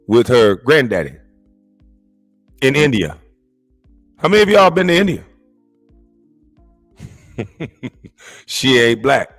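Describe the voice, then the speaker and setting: A man's voice: medium pitch, a bit bright. A man hosting a casual commentary show, reacting to clips in an indignant, mocking way.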